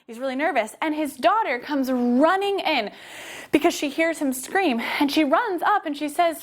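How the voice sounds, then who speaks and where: A young woman telling a story to children while leading them through movement, energetic and encouraging. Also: sits high, normal speed. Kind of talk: guided kids' yoga storytelling.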